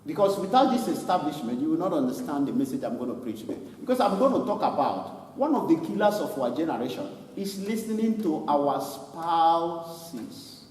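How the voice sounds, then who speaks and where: A man preaching a sermon as pastor, animated, laughing and imitating people as he goes. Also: fairly high pitch, normal speed, hardly any pauses, slight background noise. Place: church hall. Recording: echoey hall from far off.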